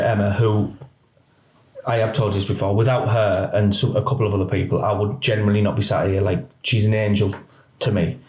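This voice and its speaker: Ex-cop, animated storyteller. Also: male voice, on the low side, echoey room, rough recording. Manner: animated storyteller acting out quoted dialogue. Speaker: guest, former police officer. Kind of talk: candid podcast interview.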